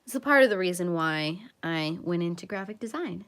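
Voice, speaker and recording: A woman's voice: lowish voice, moderate pace, hardly any pauses. A young adult woman hosting a casual coloring livestream, chatting in a rambling, self-mocking way with lots of repeats. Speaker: livestream host.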